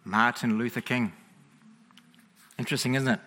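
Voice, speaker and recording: A man preaching a sermon to a congregation, chatty and animated, checking in often with the listeners. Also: mid-range voice, normal speed, a little hiss or hum. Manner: chatty, animated, frequent "okay?" check-ins.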